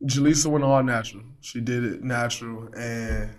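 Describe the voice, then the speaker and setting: A man in casual chat, telling stories with animated energy and acting out his own shouts. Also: medium pitch, moderate pace. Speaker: guest, pro athlete.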